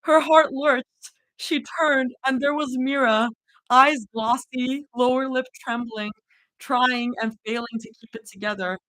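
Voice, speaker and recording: A woman reading fanfiction aloud in an expressive, heartfelt live reading. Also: high-pitched, a little slow, no echo, poor audio. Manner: expressive reading with emotional reactions. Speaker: fanfiction reader.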